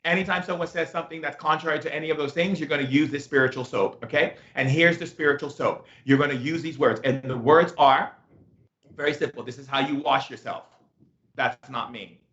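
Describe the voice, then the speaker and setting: A man's voice: on the high side, steady tone, fairly quick, a bit bright. A man teaching a spiritual self-help talk, emphatic and repetitive with playful asides. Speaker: shaman teacher. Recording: echoey room, dull lo-fi sound.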